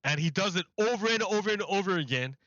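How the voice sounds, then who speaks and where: A man's voice: high voice, expressive, fast talker, fairly bright tone, no echo, highs cut off. A man streaming live, rambling through a mocking rant in casual chat and laughing often.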